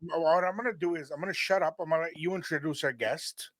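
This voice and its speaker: A man's voice: a little high, fast talker, fairly bright tone, no room sound. A man hosting a radio show, mixing in Spanish phrases and teasing his co-host with playful hype. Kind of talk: bilingual radio chat.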